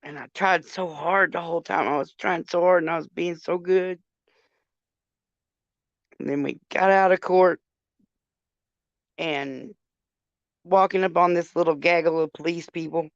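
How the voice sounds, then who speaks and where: A woman's voice: fairly low pitch, steady tone, unhurried, long pauses, no echo. An older woman telling a story on a casual livestream, profane and chatty, talking straight to her viewers. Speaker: livestream host. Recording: dull lo-fi sound.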